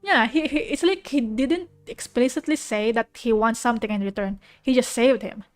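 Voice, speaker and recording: Reacting to an anime she's watching, a young woman vtuber talks in a fairly high voice at a moderate pace. Her chat is casual, rambling, and emotional with frequent restarts, and soft piano music plays in the background.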